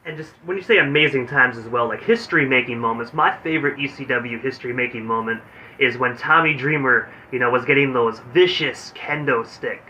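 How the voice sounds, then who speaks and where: A man's voice: mid-range voice, brisk, pushed and bright, a little hiss or hum. Chatty male host on a muffled line. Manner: chatty fan enthusiasm. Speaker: radio show host. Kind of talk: casual interview chat.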